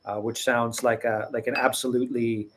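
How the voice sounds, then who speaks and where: A man talks loosely to his viewers as host of his own tea channel, drifting through his thoughts. He restarts sentences often and chuckles now and then. His voice sits at an ordinary middle pitch. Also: little pitch movement, normal speed, background noise. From Western. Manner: rambling, many restarts, chuckles. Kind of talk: casual talk to camera.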